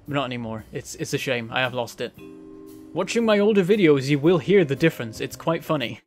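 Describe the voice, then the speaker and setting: A man's voice: medium pitch, lively intonation, brisk, soft background music. A man from northern England streaming a game live, thinking aloud, answering chat and breaking into frustrated exclamations. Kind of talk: live-stream gameplay commentary.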